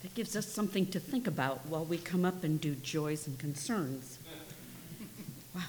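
A woman's voice: low-pitched, lively intonation, moderate pace. A woman worship leader inviting the congregation forward in a church sanctuary, plain and inviting. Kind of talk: giving service instructions. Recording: echoey hall, faint hiss.

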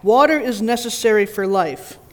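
A man's voice: high voice, normal speed. A man leading a worship service, speaking in an earnest, reflective way to his congregation. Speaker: worship leader. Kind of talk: sermon-style address. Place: church sanctuary. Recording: reverberant church sanctuary.

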